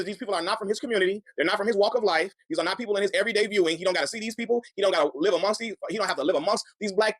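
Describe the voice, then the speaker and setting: Guy ranting fast on his commentary stream, earnest, dry close sound. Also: high-pitched, fairly bright tone, no room sound. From Chicago. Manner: heated, earnest, repeats words as he builds a point. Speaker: commentary channel host. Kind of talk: reaction commentary.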